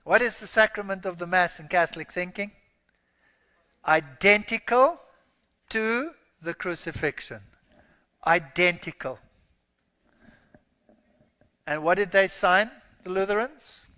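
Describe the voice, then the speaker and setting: A high-voiced man preaches with a bright, ringing edge. He reads scripture emphatically and lifts into loud exclamations. His voice carries a long reverb from a large hall. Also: slow, long pauses, clean tone. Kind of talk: sermon.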